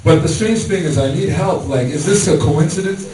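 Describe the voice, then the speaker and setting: A man with a slightly high, somewhat mellow voice, speaking at a normal pace, does a stand-up set at a comedy venue, loosely spinning stories full of fillers. The echoey room and distant mic pick up the crowd, audience laughter, and a bit of background noise.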